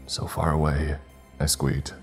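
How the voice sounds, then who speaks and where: A man voicing a protective, grizzled male demon hunter in a horror story reading, speaking in a hushed, firm, urgent way. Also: extremely low pitch, level tone, unhurried, soft background music. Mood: urgent whisper.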